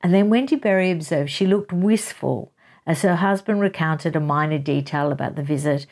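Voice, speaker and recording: A woman hosting a casual book chat channel, with a voice set a little low. She retells chapters in a chatty storytelling way. Asides and soft laughs break up her story. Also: moderate pace.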